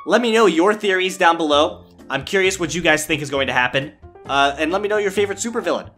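A man's voice: a little high, expressive, fast, a bit bright, faint music behind. A young man giving playful gameplay commentary, yelping and squealing when something startles him. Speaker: gaming YouTuber.

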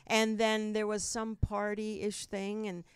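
A woman's voice: mid-range voice, monotone, slow pace, clean tone, no room sound. A woman from New Jersey with a Jersey accent, hosting a podcast in casual, rambling chat and laughing often. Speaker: podcast host. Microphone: studio mic.

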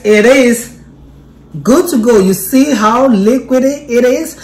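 Excitable woman demoing a beauty product. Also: fairly high pitch. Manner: chatty and excitable, repeats herself. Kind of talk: casual product demo vlog.

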